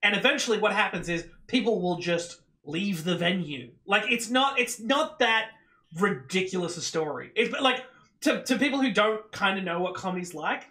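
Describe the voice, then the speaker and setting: A man co-hosting a casual podcast, talking in a fast, sweary, ranting way. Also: high voice, lively intonation, bright, forceful tone. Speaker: podcast co-host. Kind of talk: casual chat. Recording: echoey room.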